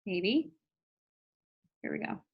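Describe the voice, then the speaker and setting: Here a woman trainer in network marketing hosts a live online business training, addressing her audience directly with cheerful, chatty encouragement. She takes her time, and the audio sounds dull.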